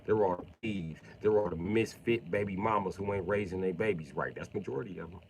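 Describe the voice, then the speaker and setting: A man ranting casually on a livestream, using profane, swaggering slang and swinging between a mutter and loud talk. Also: low voice, a little fast, slight background noise.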